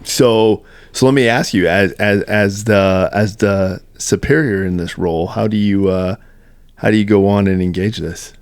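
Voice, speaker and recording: A man's voice: lowish voice, fairly even intonation, moderate pace, clean tone, no room sound. A man in a casual podcast chat, laid-back, asking teasing questions and giving short agreeing replies. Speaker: podcast co-host.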